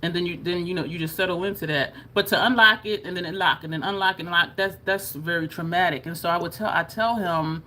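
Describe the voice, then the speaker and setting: A woman's voice: on the low side, fast, hardly any pauses, pushed and bright. A woman vlogging to camera in a casual, chatty way, laughing often and showing her jaw as she talks. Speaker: beauty vlogger.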